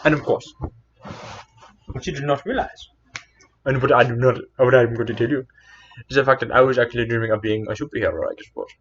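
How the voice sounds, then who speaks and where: A man's voice: mid-range voice, fairly quick, pauses often, lo-fi sound, slight background noise. A man telling a personal story in a meandering, earnest way, often correcting himself. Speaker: storyteller vlogger.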